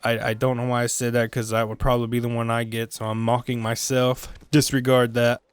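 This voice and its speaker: A man's voice: mid-range voice, level tone, fairly quick, smooth, no echo. A man giving rambling solo commentary on gaming news in a video, joking at his own expense, drifting off topic and stumbling over his words. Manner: joking, self-mocking, sidetracked asides; stumbles and restarts often.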